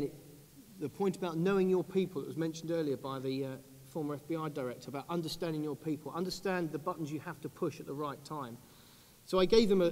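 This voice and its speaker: A British man in his thirties, an army officer speaking on a conference panel, earnest and measured, going low and quiet on grave points. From United Kingdom. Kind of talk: panel talk. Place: large conference hall. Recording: long hall reverb.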